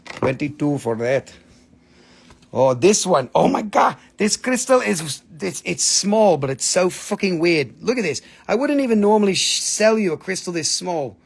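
Brief: excitable male host selling crystals live on a phone, husky high voice, casual cursing. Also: unhurried. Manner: excitable, chatty, swears casually, laughs often. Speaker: crystal seller hosting a live sale. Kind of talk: live-stream sales chat.

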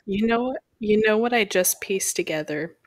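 A woman's voice: mid-range voice, moderate pace, no room sound. A young woman co-hosting a podcast, chatting casually in a rambling, jokey way. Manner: rambling, jokey, self-interrupting. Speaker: podcast co-host. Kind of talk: casual chat.

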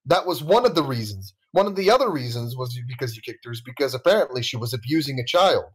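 A man's voice: mid-range voice, animated, fast talker, slightly rough, low-quality recording. A man hosting a voice call, talking bluntly and swearing, checking facts with the others as he goes. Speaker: channel host leading a voice call. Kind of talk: casual heated call chat. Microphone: voice chat call.

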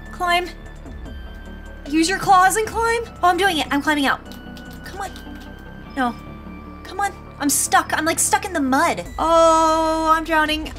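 A woman giving bubbly, excitable running commentary as she plays video games. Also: very high-pitched, measured pace, faint music behind. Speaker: gaming YouTuber. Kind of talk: game commentary.

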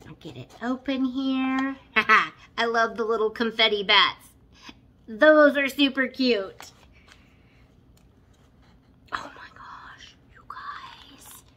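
A woman vlogger with a slightly bright, high-leaning voice chats casually during an unboxing. She gushes effusively and exclaims over everything.

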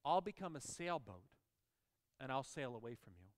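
A man's voice: mid-range voice, sing-song, normal speed, big-room sound, pitched below the performer's own voice, natural voice. A man voicing a defiant little runaway bunny while reading a storybook aloud.

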